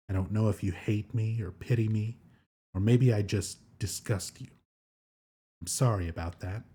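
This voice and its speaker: A dying young wife pours out a farewell letter in a soft, subdued way, as a man reads her part aloud. The voice sits low and mellow, with a husky edge.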